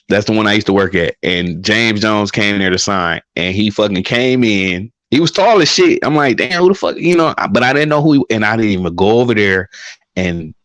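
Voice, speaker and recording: Guy with a lowish voice, casual football chat, cusses a lot, dry close sound. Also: dry recording. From Milwaukee, Wisconsin. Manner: profane, animated storytelling. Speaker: podcast host.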